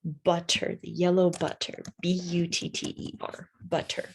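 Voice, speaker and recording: A woman gives an English lesson at an unhurried pace, in a voice that sits slightly low. She spells words out letter by letter and keeps checking in with her learners. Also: completely flat delivery, slight background noise. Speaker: English teacher.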